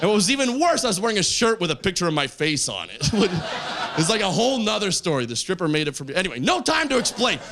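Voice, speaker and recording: Comedian guy telling stories live, voice jumps around a lot, bit high, faint crowd noise behind. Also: fast talker. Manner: animated, acts out quoted voices loudly. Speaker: stand-up comedian. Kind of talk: stand-up storytelling. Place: comedy stage with a live audience.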